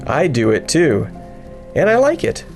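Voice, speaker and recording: A man's voice: a little high, huge pitch swings, unhurried, soft background music, voice pushed up, full character voice. A man voicing a friendly, hospitable woman in a storybook reading. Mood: welcoming.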